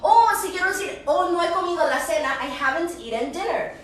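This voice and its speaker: A woman from the United States, a native English speaker, teaching English in a livestream and switching between Spanish and English, repeating words slowly. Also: very high voice, expressive, roomy sound, slight background noise. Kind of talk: bilingual livestream lesson.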